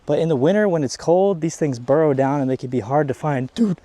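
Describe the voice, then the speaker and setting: A man hosting a fishing vlog outdoors on a muddy shoreline, talking to the camera in an excited, chatty way, hot and a bit winded. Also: fairly high pitch, fairly quick, few pauses. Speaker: fishing channel host. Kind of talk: casual outdoor vlog narration.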